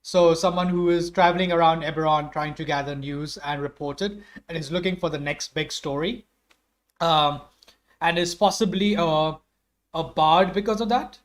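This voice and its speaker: Enthusiastic Indian English player thinking aloud. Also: male voice, fairly high pitch, fairly even intonation, normal speed. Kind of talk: pitching character ideas in a game chat.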